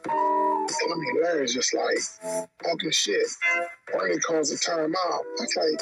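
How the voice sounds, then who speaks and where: Gravelly, high, lively man cursing over music. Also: measured pace, long pauses. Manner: animated, profane storytelling. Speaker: former pro basketball player recalling a game. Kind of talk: casual podcast anecdote. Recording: loud music under the voice.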